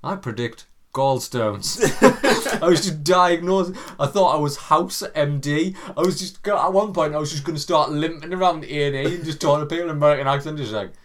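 A man's voice: on the high side, fairly quick, few pauses, slight background noise. A young man, co-hosting a casual podcast chat, telling a story animatedly, doing voices, swearing and laughing often. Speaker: podcast co-host.

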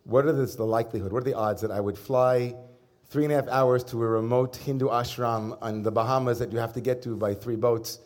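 A rabbi delivers a Sabbath sermon in a relaxed, chatty way, with light humor, frequent "uh"s and restarts. His voice sits at a middle pitch for a man. He speaks to a congregation. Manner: conversational, humorous, with pauses and fillers. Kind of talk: sermon with personal storytelling. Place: synagogue service before a congregation.

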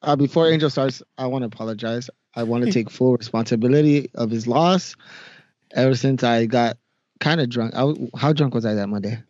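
A man co-hosting a podcast with a hoarse voice he is still recovering, talking laid-back and jokey. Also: medium pitch, a little fast, a little mellow, dry recording, highs cut off. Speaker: podcast co-host. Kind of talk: casual chat.

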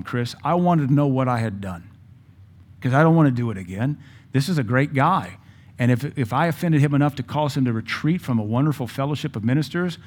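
A man's voice: a little high, husky. A man preaching a sermon, telling a personal story in a conversational way and quoting scripture in old English. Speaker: pastor.

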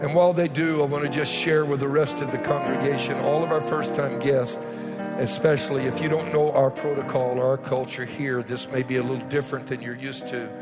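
Loud preaching man in a reverberant church. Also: medium pitch, little pitch movement, brisk, over loud music. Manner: shouting, exclamatory preaching with swings to quiet teaching. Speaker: pastor. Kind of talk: sermon. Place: church sanctuary with congregation. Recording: long reverb in a church hall.

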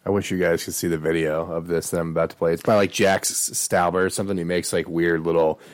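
Man, co-host, low lively voice, playful, dry sound. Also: fast talker, no echo. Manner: playful, breaks into silly songs. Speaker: podcast co-host. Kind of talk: casual chat.

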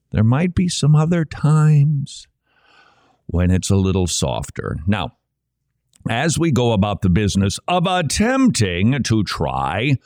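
A man delivers religious commentary as a co-host, his pitch swinging widely as he presses his points. His delivery is emphatic and rhetorical, like a preacher, and the recording is dry and close with no room sound. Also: a little mellow, no echo.

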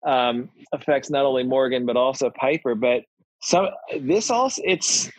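A man's voice: mid-range voice, lively intonation, moderate pace, no room sound. A man co-hosting a casual parenting chat, telling stories in a wry way with many fillers. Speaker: podcast co-host, parent. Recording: dull dry recording.

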